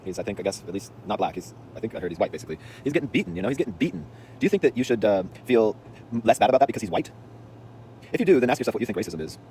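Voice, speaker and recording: A man's voice: fairly low pitch, big pitch swings, rapid-fire, warm tone, slight background noise. A man telling a story in a casual, rambling, slangy monologue, intense in delivery, recorded outdoors on a city street.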